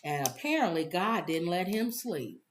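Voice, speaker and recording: A woman co-hosting a casual talk show, telling a story with animated acted-out quotes and frequent laughs. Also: on the low side, normal speed, slight background noise. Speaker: co-host. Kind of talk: casual commentary chat.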